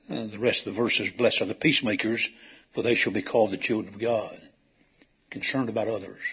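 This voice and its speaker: Guy giving a sermon, raspy husky voice, chatty story style w/ loud emphatic bits. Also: on the low side. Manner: folksy storytelling, rising to emphatic calls. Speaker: preacher.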